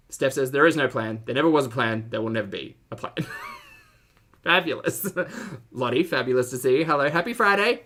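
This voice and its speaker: A man's voice: on the high side, sharp tone. A man hosting a casual livestream commentary, chatty and sarcastic, laughing often and greeting his chat viewers.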